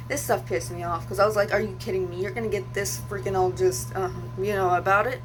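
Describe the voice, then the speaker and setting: A woman's voice: medium pitch, fairly quick, a bit bright, slight background noise. A young woman vlogger telling a story in a casual, rambling rant, venting with fillers and restarts.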